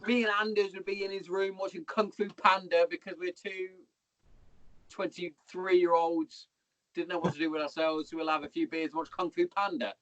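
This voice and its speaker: At normal speed, a high-pitched man with a level, slightly bright tone chats as a podcast guest from Hereford, England. His army anecdotes ramble, laced with swearing and "mate." The audio has no room sound and a dull lo-fi podcast quality.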